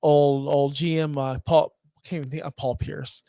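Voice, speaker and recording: Male podcast co-host with a high voice, opinionated, voices quotes; dry room. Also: normal speed, gravelly, no echo. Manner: opinionated and animated, acting out quoted lines. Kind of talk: casual wrestling podcast chat.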